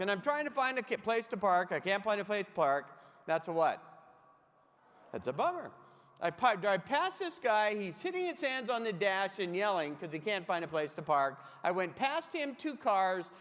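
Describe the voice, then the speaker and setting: Man, middle-aged, comic keynote speaker, very high-pitched, quips to the crowd, long hall reverb. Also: expressive, moderate pace, fairly bright tone. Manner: punchy storytelling with comic asides to the audience. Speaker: keynote humorist. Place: large conference hall.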